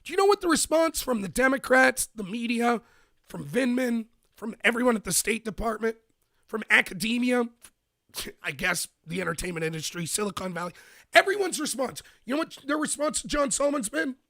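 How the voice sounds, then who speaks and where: A man hosts a streamed political commentary show into a close desk mic, and the sound is dry with no room around it. His voice sits high and leaps around a lot. He talks with emphasis, a slight roughness, and sudden quick bursts. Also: no echo. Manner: animated and emphatic, bursts of rapid speech.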